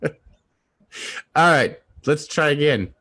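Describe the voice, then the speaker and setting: A man's voice: fairly high pitch, lively intonation, drawn-out words, sharp tone, slightly rough. A man co-hosting a casual online guessing game, joking and reading out viewers' guesses over a video call. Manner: jokey, reads out viewers' guesses. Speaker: co-host. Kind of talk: casual live-stream game chat.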